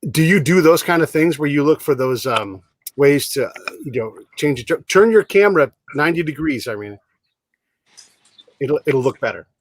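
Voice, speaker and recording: A man's voice: fairly high pitch, expressive, normal speed, no echo. A man hosting a casual interview over a video call, talking in easygoing, rambling turns. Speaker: host.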